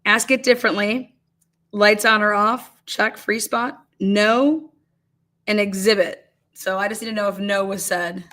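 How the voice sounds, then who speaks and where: A woman's voice: medium pitch, steady tone, measured pace, sharp tone. A woman hosting a casual livestream, calling bingo games and reading viewer comments aloud with frequent laughter. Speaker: livestream host.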